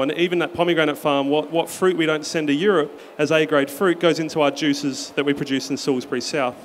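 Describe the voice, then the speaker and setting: A man's voice: fairly high pitch, slight background noise. A man speaking on a panel as a beverage company representative, earnest and promotional, with frequent fillers. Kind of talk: panel talk.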